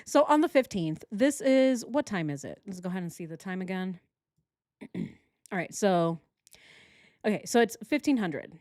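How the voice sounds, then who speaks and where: A woman's voice: medium pitch, expressive, normal speed, long pauses, a little mellow, no echo, clean studio sound. A woman doing true crime reaction commentary, indignant and conversational, and often asking her viewers questions. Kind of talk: reaction commentary over video.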